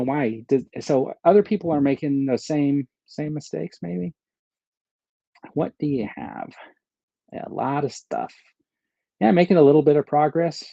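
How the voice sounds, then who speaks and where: A man with a fairly high, warm voice and some vocal fry hosts a casual live stream about his action figure collection. The recording has no room sound and cut-off highs, and he rambles, thinks aloud, and responds to viewers' chat comments.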